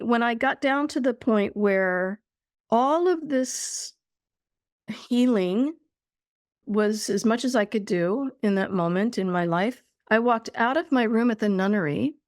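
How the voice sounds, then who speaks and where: A woman speaks slowly and earnestly in a fairly high voice, recounting a deeply personal spiritual experience as a podcast guest. Her delivery is deliberate and heartfelt. The sound is close and dry. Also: dry recording. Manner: slow, earnest, deliberate storytelling.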